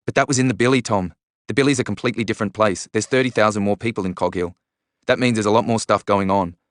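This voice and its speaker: Guy doing a laid-back blunt young bloke, low voice, dry close sound. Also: fast talker, dry recording, close to an everyday voice. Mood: steady. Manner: blunt, matter-of-fact reassurance. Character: easygoing young man, blunt but steadying.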